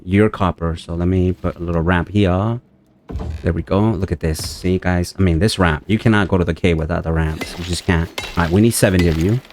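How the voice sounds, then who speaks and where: A deep-voiced young man chatting his way through a survival game. He talks to his viewers and his in-game horse and breaks into excitable outbursts when enemies show up. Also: slight background noise. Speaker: gameplay streamer. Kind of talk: casual let's-play commentary.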